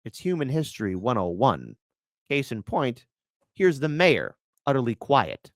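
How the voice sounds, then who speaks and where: Male host, indignant political rant, lively swooping pitch, dry voice. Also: a little slow, dry recording. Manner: fiery, indignant ranting. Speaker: commentary host. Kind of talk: political commentary.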